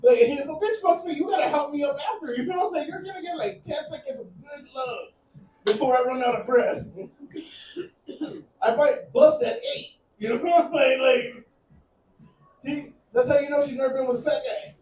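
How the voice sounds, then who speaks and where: Man, thirties, stand-up comic, very high voice, breathless, crude and rambling, echoey club from a distance. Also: normal speed, darkish tone, slight background noise. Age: 30s. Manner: crude, rambling, laughing at his own jokes. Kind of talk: stand-up comedy set. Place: comedy club stage.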